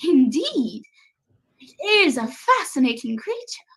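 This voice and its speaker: A prim, pompous gentleman detective, played by a woman in a student stage play, fond of proper turns of phrase. The speech is unhurried and the pitch rides high and lively. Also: full character voice, poor audio. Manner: prim, posh-sounding phrasing. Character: fussy, pompous male detective, prim and polite.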